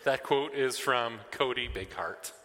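A middle-aged man preaching a sermon, telling stories with lively acted-out scenes and quieter reflective moments. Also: mid-range voice, a little slow. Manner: animated, acts out scenes, then turns quiet and reflective. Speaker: pastor. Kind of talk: sermon with personal storytelling. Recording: long reverb of a large hall.

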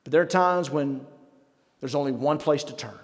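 Middle-aged man preaching in a church hall. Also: fairly high pitch. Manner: conversational and self-mocking, with dramatic pauses. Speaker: pastor. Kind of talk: sermon. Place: church sanctuary. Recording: reverberant church hall with faint music.

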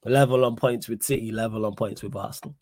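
A young man hosting a casual live-stream podcast, talking in an animated, slangy way and repeating his points for emphasis. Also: fairly low pitch, fast talker, dry recording, clean studio sound. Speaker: podcast host reading live chat.

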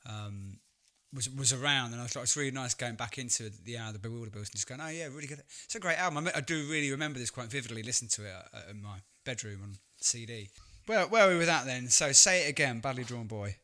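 A podcast co-host with a bright, forward voice. He chats about music playfully, getting animated and jokey as he talks. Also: medium pitch, quick pace. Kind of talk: casual music chat.

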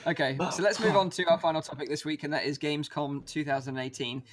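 A man hosts a relaxed panel chat about tech, speaking in a slightly raised register. He sounds easygoing and chatty, filling his sentences with small hesitations. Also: on the high side, fast talker, a crowd in the background. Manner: relaxed, chatty, many fillers. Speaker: podcast host.

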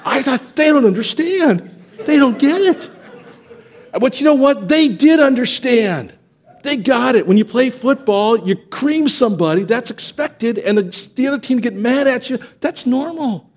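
A man preaching a sermon as pastor of a church, telling stories and acting out quotes with lively energy. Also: very high-pitched, normal speed. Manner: animated storytelling, acts out quotes. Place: church sanctuary.

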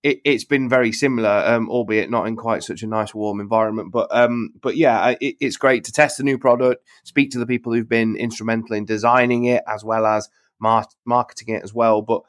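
A man's voice: medium pitch, steady tone, brisk, no echo, clean studio sound. A man who is a golf club pro, chatting casually on a podcast, repeating words as he talks. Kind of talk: casual chat.

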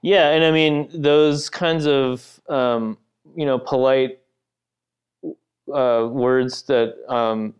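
A man of medium pitch speaks as a podcast guest. He talks thoughtfully and sometimes hesitates, and he laughs easily. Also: steady tone, very slow, muffled recording. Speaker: guest author. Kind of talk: casual podcast chat.

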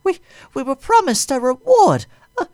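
A man voicing a terrified female alien executive who begs in a shrill screech. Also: huge pitch swings, normal speed, a little mellow, no room sound, studio quality, full character voice. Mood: terrified pleading.

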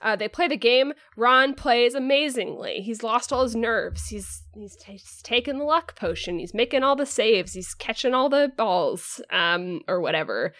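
This is a woman hosting a podcast, recapping a chapter in a loose, rambling way. She leans on "um" and "like" as she goes. Her voice sits a little high and sounds dry and close. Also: animated, moderate pace, hardly any pauses, a bit bright, no room sound. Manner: rambling, filler-heavy, lots of "like" and "um". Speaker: podcast host.

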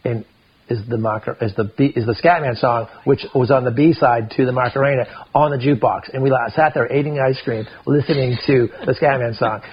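A man's voice: mid-range voice, steady tone, a little fast, breathy edge, lo-fi sound. A middle-aged man, a podcast guest, telling a rambling story full of quoted back-and-forth. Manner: rambling, retells scenes with quoted dialogue. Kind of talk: casual storytelling.

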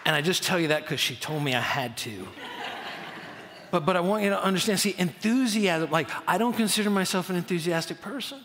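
Middle-aged man preaching, slightly high voice, long hall echo, hushes prayers and punches key lines. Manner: storytelling, drops to a near-whisper for prayers, rises to loud emphasis. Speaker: pastor. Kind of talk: sermon. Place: church auditorium. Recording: long church-hall reverb.

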